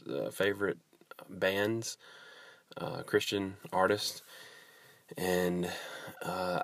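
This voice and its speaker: A man with a deep, low voice tells a personal church story, wandering through asides and restarting his sentences. The sound is dry and close, with no room echo. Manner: rambling, many restarts and fillers, self-deprecating asides. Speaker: youth pastor.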